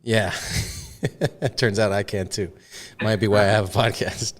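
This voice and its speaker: A man's voice: on the low side, steady tone, slow. A man hosting a podcast, asking questions in an easygoing way and laughing often. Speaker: podcast host. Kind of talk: casual podcast interview.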